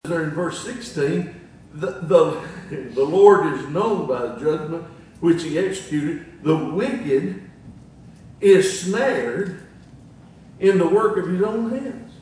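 A man's voice: a little high, takes it slowly, a little mellow, very echoey, recorded from a distance, rough recording. An older man preaching a sermon in a folksy way, chuckling at his own jokes between scripture quotes.

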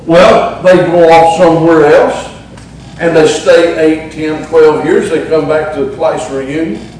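A man's voice: a little high, fairly even intonation, measured pace, a little mellow. A middle-aged man with a Southern Appalachian accent preaching a sermon as pastor, folksy and humorous, drawing out words for emphasis. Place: church sanctuary. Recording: echoey church, mic at a distance.

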